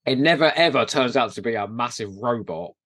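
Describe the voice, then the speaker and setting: A man co-hosts a podcast in casual chat. He talks in an animated, exclaiming way and often breaks into laughter, at an ordinary pitch. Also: brisk, dry recording. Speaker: podcast co-host.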